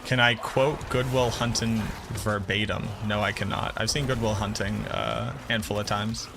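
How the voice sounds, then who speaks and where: A man's voice: fairly low pitch, steady tone, moderate pace. A man in his thirties with a Boston accent, chatting bluntly and profanely with viewers during a game stream. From Boston area, USA. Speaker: gaming streamer. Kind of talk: casual livestream chat with viewers. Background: game music.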